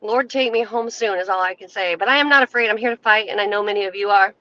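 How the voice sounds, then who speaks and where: A woman's voice: medium pitch, rapid-fire, sharp tone, muffled recording. A woman hosting a livestream, talking heatedly and scolding her viewers in a casual, emphatic rant into her cell phone. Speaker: livestream host.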